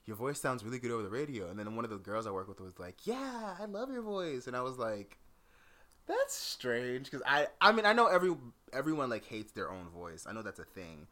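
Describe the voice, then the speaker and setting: Bright-voiced chatty man co-hosting. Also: fairly low pitch, fast, few pauses. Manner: chatty, laughs often, animated storytelling. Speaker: podcast co-host. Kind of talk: casual podcast chat.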